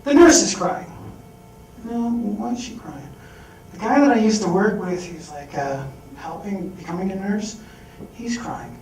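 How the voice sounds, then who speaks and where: A man telling a personal story on stage, animated, acting out the voices he quotes. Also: high-pitched, normal speed, a little hiss or hum. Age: adult. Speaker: speaker. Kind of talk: storytelling talk. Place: large hall. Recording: echoey hall from far off.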